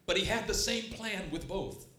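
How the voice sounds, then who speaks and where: A man preaching a sermon with passion, swinging between hushed, tender lines and loud, emphatic ones. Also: high voice, moderate pace. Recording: roomy echo.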